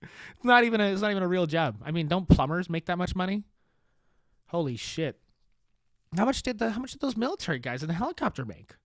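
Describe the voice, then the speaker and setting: A man hosting a podcast in a sarcastic comedic monologue, swearing and laughing at his own deadpan jokes. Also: sits high, quick pace, dry recording, studio quality. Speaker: podcast host.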